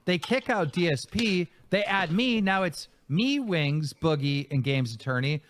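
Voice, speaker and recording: A man recounts a grievance on a podcast in a swinging, lively voice that sits a little high. He swears freely and leans hard on his points. The sound comes from a clip replayed from another show. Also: unhurried, a little hiss or hum. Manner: profane, emphatic storyteller. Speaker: podcast co-host. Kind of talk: casual storytelling chat.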